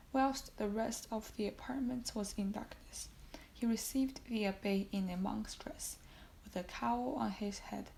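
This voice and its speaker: A woman's voice: mid-range voice, creaky, a little mellow, slight background noise, low-quality recording. A woman reading a classic novel aloud as an audiobook, sometimes dropping to a whisper and correcting her own slips. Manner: reads classic prose, with whispered passages and self-corrections. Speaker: audiobook reader.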